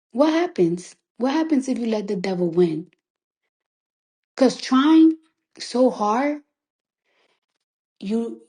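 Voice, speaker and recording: A woman's voice: mid-range voice, dark tone. A woman recording artist talking through tears on a phone livestream, emphatic and defiant, swearing freely and repeating lines to drive them home. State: tearful. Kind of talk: emotional livestream monologue.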